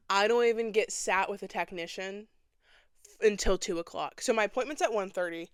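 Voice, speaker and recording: Young woman host, casual dramatic storyteller with sass, smooth voice, dry close sound. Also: medium pitch, a bit bright, dry recording. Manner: dramatic, sassy, acts out other people's lines. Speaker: podcast host.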